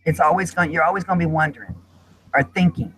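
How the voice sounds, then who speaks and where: A woman's voice: low voice, fairly even intonation, fast, fairly bright tone, rough recording. A middle-aged woman speaking as a guest in an emotional panel discussion, talking in an impassioned, emphatic way.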